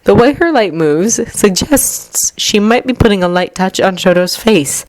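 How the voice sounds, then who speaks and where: A woman narrating a fan fiction story aloud, with expressive delivery and clearly varied voices. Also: medium pitch, unhurried, no room sound. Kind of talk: fan fiction audiobook reading.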